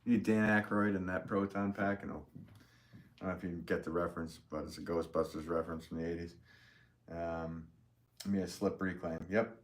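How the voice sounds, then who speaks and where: A man's voice: low voice, steady tone, normal speed, slight background noise. A middle-aged man hosting a live pottery stream, rambling in a friendly way and reading viewers' comments aloud as he shows his pots. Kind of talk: casual live-stream chat and demonstration.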